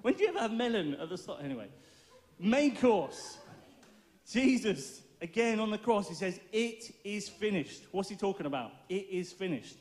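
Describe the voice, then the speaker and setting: Playful high-voiced male preacher. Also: very animated, moderate pace, darkish tone. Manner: playful, jokey, laughs often. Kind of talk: lively informal sermon.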